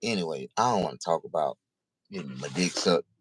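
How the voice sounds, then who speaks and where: A man's voice: deep voice, animated, brisk, slightly rough. A middle-aged man in a casual, profane, rambling monologue, talking confessionally to the camera. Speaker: vlogger.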